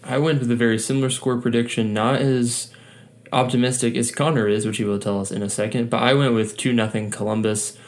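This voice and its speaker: A man co-hosting a sports podcast, giving his predictions in a measured, plain-spoken way. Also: medium pitch, steady tone. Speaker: podcast co-host. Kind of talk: casual sports podcast chat.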